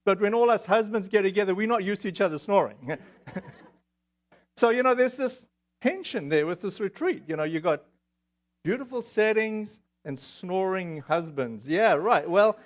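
A man's voice: sits high, expressive, moderate pace. A man from South Africa with a South African accent, preaching a sermon in a chatty, self-deprecating way with many fillers. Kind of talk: sermon with personal stories. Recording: dull lo-fi audio.

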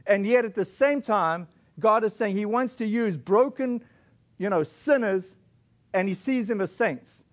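A man preaching a sermon as pastor in a relaxed, conversational way, with frequent fillers and restarts. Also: high-pitched, measured pace. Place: church.

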